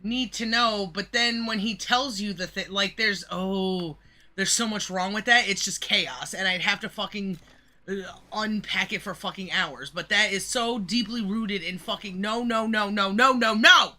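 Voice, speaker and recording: A man's voice: high voice, measured pace, sharp tone. A man livestreaming a reaction, ranting angrily and mockingly with heavy swearing. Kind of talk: profane reaction rant.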